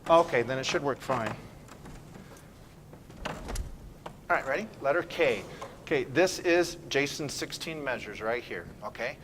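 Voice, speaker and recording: A man leading a school band rehearsal, giving brisk, encouraging directions, counting off and singing phrases to show how they should sound. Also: medium pitch, lively intonation, a bit bright, a little hiss or hum. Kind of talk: ensemble rehearsal instruction.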